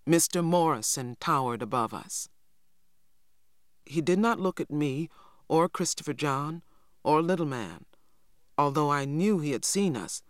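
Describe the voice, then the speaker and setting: A man narrating a novel as an audiobook reader, in steady, expressive storytelling. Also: a little high, dry recording, clean studio sound. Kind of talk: scripted narration.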